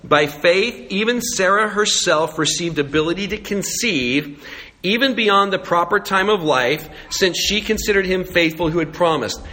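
A man preaching a sermon to his congregation, animated and joking, with asides to the listeners. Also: sits high, moderate pace, big-room sound. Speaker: pastor.

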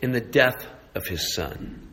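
A man's voice: mid-range voice, animated, measured pace, bright, forceful tone. A man preaching a sermon in an earnest way, building intensity on key points and turning to prayer. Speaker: pastor.

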